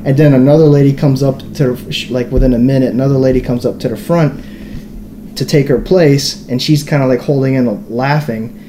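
A man's voice: mid-range voice, fairly even intonation, fairly quick, warm tone, slight background noise. A young man co-hosting a podcast, telling a long story in a casual, profane, rambling way full of fillers. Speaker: podcast co-host.

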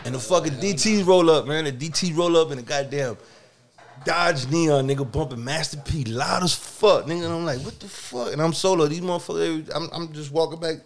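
Raised in Germany, this man tells stories in a relaxed podcast conversation, his voice fairly high and fairly quick. He swears freely in street slang, stays animated, and acts out other people's lines.

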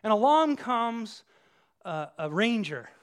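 A man giving a sermon in a conversational preaching style, telling vivid everyday illustrations and swinging between hushed and loud delivery. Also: high voice, very animated, slow pace, clear, resonant tone. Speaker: pastor.

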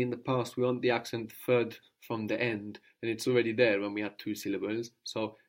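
A man teaching a language lesson, patiently explaining grammar step by step and prompting his student to answer. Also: lowish voice.

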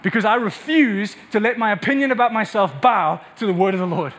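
Male pastor, very high voice, fervent repetitive sermon delivery, swells to near-shouting. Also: fairly quick.

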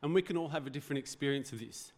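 A man's voice: medium pitch, very fast, a little mellow. A man preaching a sermon as pastor, in a conversational, joking way with rhetorical questions. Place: church hall.

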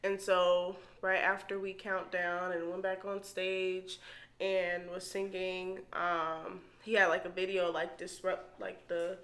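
A woman in her twenties, a guest telling a personal story in a casual, animated way and acting out her own reactions. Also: lowish voice, slow. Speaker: interview guest. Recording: roomy echo.

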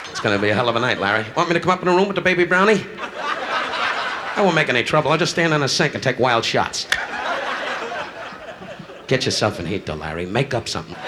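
A man doing live insult comedy, brashly heckling people in the audience. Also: mid-range voice. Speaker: stand-up comedian. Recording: noisy 1960s live club recording. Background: audience laughter.

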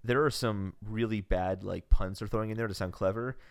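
A man's voice: fairly low pitch, steady tone, brisk, vocal fry, smooth. Wry man in casual chat. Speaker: podcast co-host.

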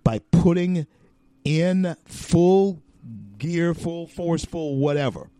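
Folksy preachy American talk host. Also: male voice, fairly high pitch, warm tone, dry recording. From United States. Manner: folksy, preachy, repeats himself, drawn-out emphatic phrases. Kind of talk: opinion monologue.

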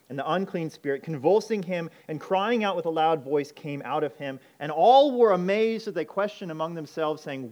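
A man preaching a sermon, emphatic, moving between urgent loud passages and quiet intense ones. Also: fairly high pitch, lively intonation, normal speed, few pauses. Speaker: pastor.

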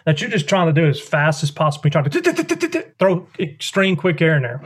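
A man's voice: fairly high pitch, sing-song, normal speed, hardly any pauses, husky, faint music behind. A man, a duck call maker explaining calling technique in a rambling, folksy way during a podcast interview.

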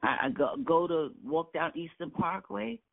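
Older man from Brooklyn, creaky and tinny. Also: fairly high pitch, unhurried. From Brooklyn, New York. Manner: earnest, emphatic storyteller who repeats key phrases. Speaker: oral history interviewee. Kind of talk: personal recollection in an interview. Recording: dry, tinny phone-like line.

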